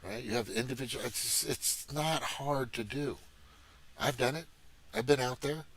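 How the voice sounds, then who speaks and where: A man's voice: medium pitch, a little slow, vocal fry, a bit bright, a little hiss or hum. A middle-aged man from Missouri hosting a livestream, talking in a profane, rambling, agitated political rant. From Missouri, USA. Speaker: livestream host.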